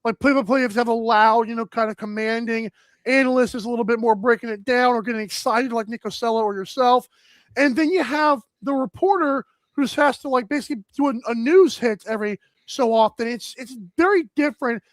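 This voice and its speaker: High-voiced energetic male sports talk host. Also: a little fast, dry recording. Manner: energetic, rambling, many fillers.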